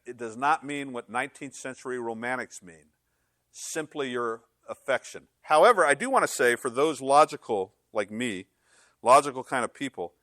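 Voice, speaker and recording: Animated pastor telling comic stories. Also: male voice, medium pitch, no room sound, studio quality. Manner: animated storytelling with comic voices. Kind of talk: sermon.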